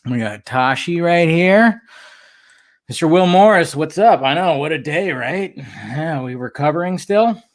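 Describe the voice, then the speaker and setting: A man's voice: a little high, lively intonation, measured pace. A man hosting a casual livestream from home, upbeat and chatty as he greets viewers by name. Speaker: livestream host.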